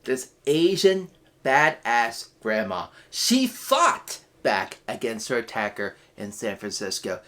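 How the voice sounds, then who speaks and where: An earnest man hosts a web show's news segment with impassioned commentary. He talks slowly and deliberately. His pitch rises and falls a lot, and he breaks into loud, emphatic outbursts. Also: huge pitch swings. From United States. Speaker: host of a weekly web show news segment.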